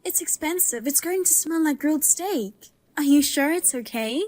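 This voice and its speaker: A woman's voice: sits high, lively intonation, normal speed, darkish tone, no echo. A woman voicing a pregnant young wife who teases and taunts her cheating husband in a dubbed drama. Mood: teasing. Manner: teasing, taunting.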